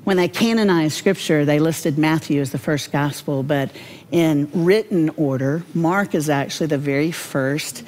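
A woman giving a devotional Bible teaching, folksy and humorous, with animated storytelling. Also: low-pitched, unhurried, slight background noise.

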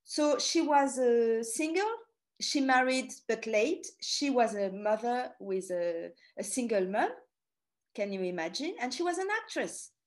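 A middle-aged woman from France with a French accent, telling stories in an animated, chatty presentation full of asides. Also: fairly high pitch, unhurried. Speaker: tour guide giving a talk. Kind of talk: storytelling presentation.

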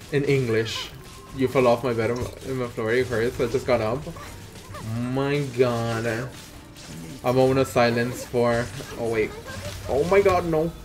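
A man with a Mexican accent talks through a game live stream in easy, playful banter. His voice sits at an average pitch, and he teases his viewers with casual swearing. Faint music plays under his talk.

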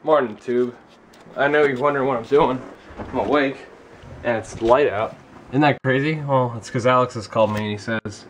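A man's voice: mid-range voice, moderate pace, slight background noise. A young man vlogging casually on a city street, joking and swearing, recorded on a handheld camera mic. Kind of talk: casual vlog chat. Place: outdoors on a New York street.

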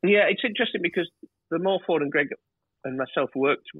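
A man, a TV director, telling lively stories in a casual interview and swearing freely. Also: on the high side, a little fast, husky, no echo. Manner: animated storyteller, swears freely. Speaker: TV director, guest. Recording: tinny phone-like line.

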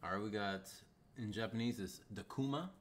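A man's voice: on the low side, a little fast, noisy background. A young man co-hosting a podcast in loose, laid-back chat, laughing often and swearing freely. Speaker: podcast co-host. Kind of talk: casual chat.

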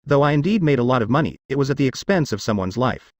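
A man's voice: mid-range voice, lively intonation, quick pace, a little mellow, dry recording. A man narrating a fantasy web novel audiobook in the first person, with a wry, sardonic inner monologue.

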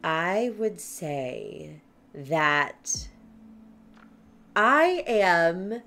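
A lively woman chatting through a tabletop storytelling game. Her voice sits on the low side and leaps around in pitch. She sounds gleeful and playful as she builds a character. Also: very slow. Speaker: player.

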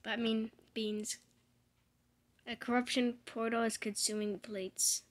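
A young woman giving casual, rambling commentary while playing a video game, playful with loud excited outbursts. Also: on the high side, unhurried. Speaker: gamer. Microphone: desk microphone.

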